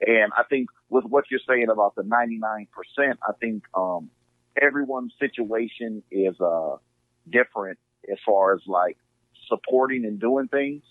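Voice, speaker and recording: A man's voice: lowish voice, normal speed, no echo. A man from Southern California, a podcast guest, talking earnestly and casually with lots of fillers. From Inglewood, California. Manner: earnest, heartfelt, filler-heavy. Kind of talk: casual conversation. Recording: tinny phone-like line, dry.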